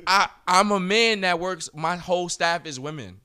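Smooth-voiced New man telling stories. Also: high-pitched, moderate pace, pushed and bright. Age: 30s. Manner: loose, profane storytelling with lots of slang. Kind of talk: casual chat.

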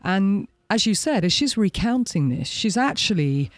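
A man's voice: sits high, moderate pace, no room sound, clean studio sound. A man co-hosting a casual podcast, animatedly retelling events from a documentary and acting out the quotes. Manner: animated storyteller, acts out quotes. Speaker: podcast co-host. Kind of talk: casual chat recounting a documentary.

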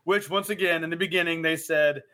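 Bright-voiced joking man. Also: on the high side, fairly quick. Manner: joking, animated banter. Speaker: podcast co-host. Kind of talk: casual chat.

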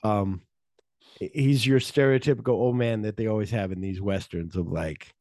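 A man co-hosting a podcast, chatting casually about a film, rambling and acting out scenes in quick quoted voices with free swearing. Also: lowish voice, a little mellow, no room sound, clean studio sound. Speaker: podcast co-host.

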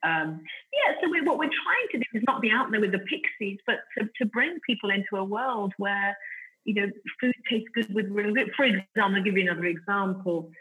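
Bright-voiced chatty woman with an Italian accent. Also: mid-range voice, lively intonation, a little fast, rough recording. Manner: enthusiastic, chatty, many fillers and restarts. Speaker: guest, food company founder. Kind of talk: casual podcast interview.

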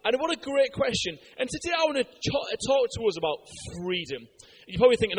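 Chatty high-voiced preacher. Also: male voice, very animated, fairly quick, breathy edge, long reverb tail, rough recording. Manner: chatty, joking, asks the crowd questions. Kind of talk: lively sermon.

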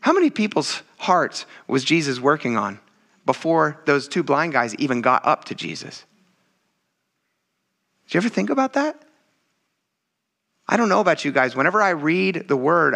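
A man preaching a sermon in a casual, conversational way, often turning to his listeners and building to loud exclamations. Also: on the high side, very animated, normal speed, creaky, long pauses. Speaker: pastor.

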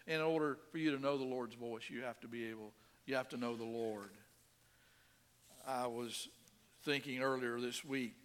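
Male pastor, middle-aged, preaching: bright, slightly high voice with long hall reverb. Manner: earnest preaching, swings from soft to emphatic. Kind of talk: sermon.

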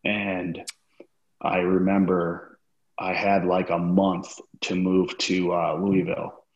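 Male podcast guest, very low voice, cursing storyteller, roomy lo-fi sound. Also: little pitch movement, slow pace. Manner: profane, acts out quoted dialogue. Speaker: podcast guest, former wrestler. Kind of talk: casual storytelling interview.

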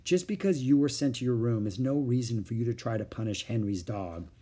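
A man voicing a patient, wry mother who speaks calmly and a little wearily. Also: medium pitch, fairly quick, slightly rough, lightly acted. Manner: calm, gently weary.

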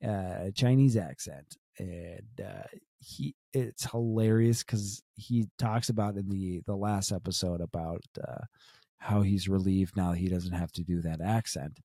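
Low, dark-voiced man in casual chat. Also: creaky, no room sound, studio quality. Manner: rambling, halting with many restarts and fillers. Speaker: podcast co-host.

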